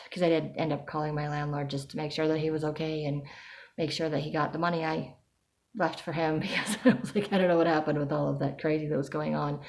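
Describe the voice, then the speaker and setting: A woman's voice: deep voice, vocal fry, a little mellow. A woman talking through her anxiety in a chatty personal video diary. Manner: anxious, chatty, self-reassuring. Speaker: vlogger.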